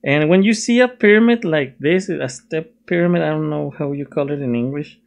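A man's voice: on the high side, a little fast, vocal fry. A young man casually reviewing a film while sketching at his desk, chatty and self-mocking, laughing often. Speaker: video reviewer.

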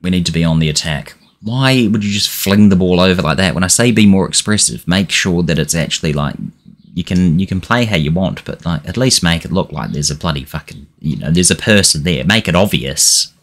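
A young man commentating on his own football management game, getting frustrated, swearing, and shouting at his players. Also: deep voice, fairly quick. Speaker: gaming channel host. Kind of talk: let's-play commentary.

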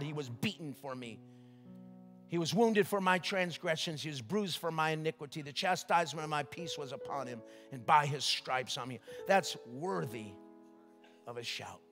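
An older man preaching a sermon as pastor, lively and joking, asking the crowd questions. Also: a little high, moderate pace, big-room sound, soft background music. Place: church sanctuary.

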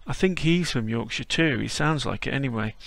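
A man's voice: medium pitch, lively intonation, brisk, creaky, a bit bright, no room sound. A man narrating a casual walkthrough as host, chatty and whimsical.

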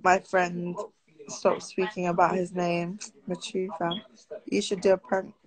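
A woman's voice: on the low side, flat delivery, unhurried, a crowd in the background, rough recording. A teenage girl from Britain, chatting casually on a live stream and answering viewer comments aloud.

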